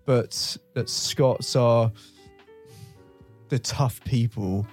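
A man's voice: mid-range voice, drawn-out words, soft background music. A man from the United Kingdom chatting casually, explaining stereotypes with frequent chuckles. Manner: relaxed, chuckling, explains at length. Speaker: guest explaining British stereotypes. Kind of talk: casual chat.

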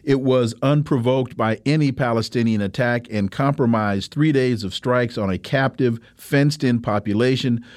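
Brisk male radio host, dry studio. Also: medium pitch, a little mellow, no echo. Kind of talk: radio talk show hosting.

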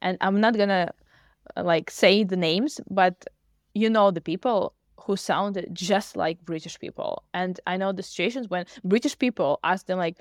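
A woman's voice: fairly low pitch, moderate pace, no echo. Woman, English teacher and podcast co-host; talkative, aside-heavy; dead-dry recording. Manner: talkative, animated, many fillers and asides. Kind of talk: casual podcast chat.

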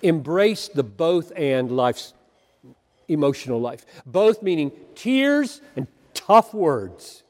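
Older male pastor, high voice, earnest emphatic sermon delivery, long hall reverb. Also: big pitch swings. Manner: earnest, emphatic, with halting repetitions.

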